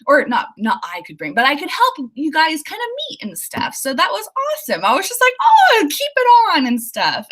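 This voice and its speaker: Young woman, Oklahoma accent, livestream host, chatty, bubbly, fairly high, very lively pitch. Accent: Oklahoma, Southern US. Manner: bubbly, chatty, lots of fillers and laughs. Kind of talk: casual livestream chat reading comments.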